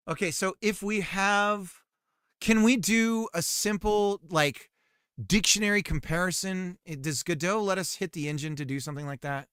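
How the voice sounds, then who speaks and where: A man streaming his game development, chatting in a rambling, jokey way and switching between loud projection and a softer normal voice. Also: high voice, moderate pace, smooth, dry recording, clean studio sound. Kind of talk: casual live-stream chat while coding.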